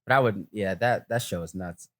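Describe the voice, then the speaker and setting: A young man co-hosting a podcast, talking casually in a rambling, quick manner. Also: fairly low pitch. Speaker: podcast co-host. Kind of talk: casual chat.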